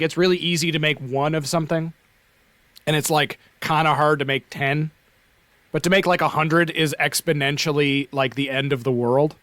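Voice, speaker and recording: A man with an Atlantic Canadian accent co-hosting a podcast, talking in a lively, rambling way, often tossing in "like" and "right?". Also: a little high, dry recording. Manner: animated, rambling, fond of "like" and "right?". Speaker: podcast co-host. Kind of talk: casual chat.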